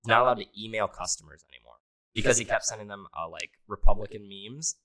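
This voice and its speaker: A man's voice: on the low side, bright, forceful tone, poor audio. A young man co-hosting a podcast, telling rambling, profane stories in casual chat. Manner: rambling, profane, quick storytelling. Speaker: podcast co-host.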